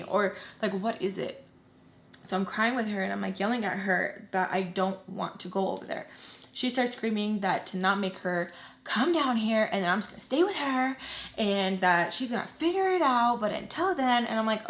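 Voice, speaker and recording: A young woman tells a personal story from her home in a heated, venting voice. Her pitch sits in the middle range, and she fills her sentences with "like" as the grievance pours out. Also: vocal fry. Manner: heated, venting, many "like" fillers. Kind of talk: casual storytime vlog. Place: at home with children nearby.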